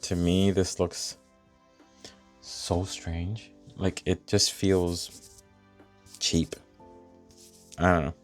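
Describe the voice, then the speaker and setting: A man chatting casually while unboxing and reviewing fragrances, animated and thinking aloud with lots of fillers. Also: low voice, extremely slow, pauses often, faint music behind.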